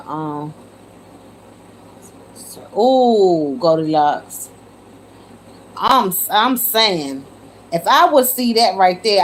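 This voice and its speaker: Woman, livestream host, casual chat, says y'all, exclaims in disbelief, phone mic, raised pitch. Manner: chatty, addresses viewers as y'all, exclaims in disbelief. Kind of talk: casual live chat with viewers.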